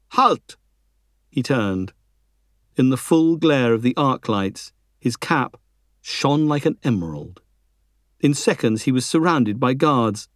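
A man reading a history book aloud as a narrator, measured and lifting his pitch for emphasis. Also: no echo, clean studio sound. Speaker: audiobook narrator.

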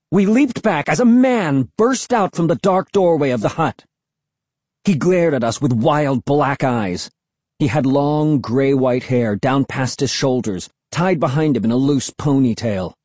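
A man narrating a first-person suspense story, reading expressively and dropping to a hush for tense moments. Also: mid-range voice, slightly rough, no room sound. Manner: expressive, hushed for suspense, raised for shouts. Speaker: audiobook narrator.

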